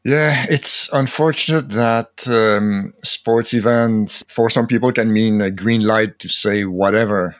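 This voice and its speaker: A man hosting a casual interview, relaxed and quick to laugh. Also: on the low side, no room sound, clean studio sound. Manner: relaxed, laughs easily, brief backchannels. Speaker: host.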